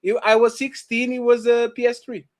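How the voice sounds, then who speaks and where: A man co-hosting a casual livestream chat, excitable and profane, laughing often. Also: very high-pitched, moderate pace, no echo, clean studio sound. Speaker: co-host.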